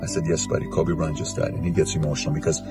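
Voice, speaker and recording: A man's voice: very deep voice, little pitch movement, racing. A man in his forties hosting, giving an emotional spoken tribute in an earnest, emphatic, repetitive way. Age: 40s. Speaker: host. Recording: music bed underneath.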